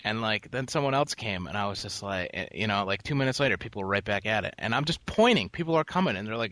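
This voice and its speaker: A man co-hosting a casual podcast, telling animated, profane stories with loud outbursts. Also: fairly low pitch, quick pace, hardly any pauses, no room sound. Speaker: podcast co-host.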